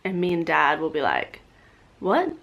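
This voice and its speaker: An Australian woman vlogging in an animated, chatty way. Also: mid-range voice, normal speed. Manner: chatty, animated, drifts into impressions. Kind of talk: casual chat to camera.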